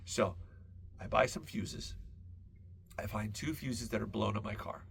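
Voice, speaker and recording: A man hosting a podcast, telling a long comic story in a casual, profane and animated way. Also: on the low side, a little slow, vocal fry, slight background noise. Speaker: podcast host.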